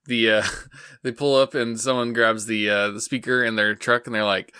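A man's voice: medium pitch, level tone, normal speed, sharp tone, clear, resonant tone, no room sound, studio quality. A man co-hosting a casual podcast, recapping an anime episode in an amused way and swearing casually. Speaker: podcast co-host.

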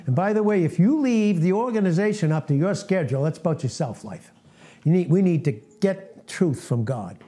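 A man's voice: on the high side, dark tone, slight background noise. A man in his late sixties preaching an informal, earnest sermon to a small fellowship, often laughing at himself. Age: 60s.

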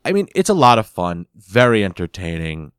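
A man's voice: low voice, moderate pace, smooth, no echo, clean studio sound. Man giggling through a sitcom recap. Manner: animated storytelling, giggles often, repeats words while he searches for them. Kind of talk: casual episode recap.

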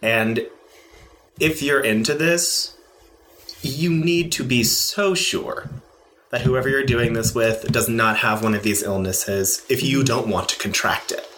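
A man co-hosting a casual podcast chat, easygoing and quick to react. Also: mid-range voice, a bit bright, slight background noise, low-quality recording. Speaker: podcast co-host.

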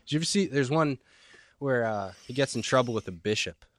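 A man's voice: mid-range voice, expressive, brisk. A man on a podcast, chatting casually as a goofy, rambling jokester. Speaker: podcast co-host. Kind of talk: casual comedic chat.

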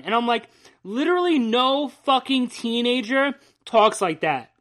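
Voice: mid-range voice, unhurried. Rambling, profane podcast host. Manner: rambling, profane, animated retelling. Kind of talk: casual chat.

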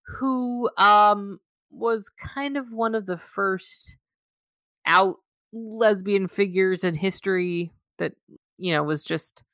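A woman co-hosting a casual podcast, rambling through her week with wry asides and plenty of fillers. Her voice is bright and mid-pitched, recorded close and dry. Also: slow, no room sound. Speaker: podcast co-host. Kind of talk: casual chat.

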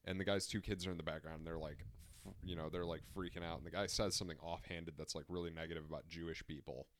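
A man's voice: deep voice, steady tone, quick pace. A young man co-hosting a casual podcast, telling stories in a loose way with many fillers. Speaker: podcast co-host.

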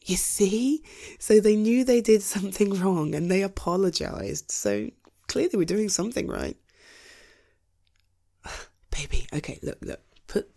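A woman's voice: medium pitch, gravelly, warm tone. A woman in a whispered role-play as a comforting partner, soothing and reassuring, often breaking into giggles.

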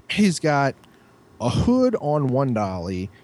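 Animated, swearing podcast man. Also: medium pitch, slow pace. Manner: profane, animated, lots of restarts. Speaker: podcast co-host. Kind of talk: casual storytelling chat.

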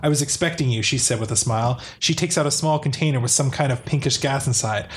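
A man's voice: mid-range voice, fast, slight background noise. A man reading a fan story aloud to friends, playful and teasing, acting out the narration. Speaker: podcast host reading fan fiction.

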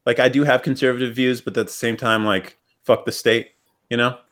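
A man's voice: medium pitch, flat delivery, a little fast, a bit bright. A man hosting a podcast, telling stories in a loose, rambling, profane way with lots of fillers. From upstate New York. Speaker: podcast host. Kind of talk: casual chat.

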